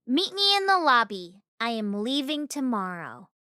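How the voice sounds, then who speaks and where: A woman's voice: on the high side, sing-song, moderate pace, pushed and bright, smooth, no echo, studio quality. Woman reading a cool young man guest.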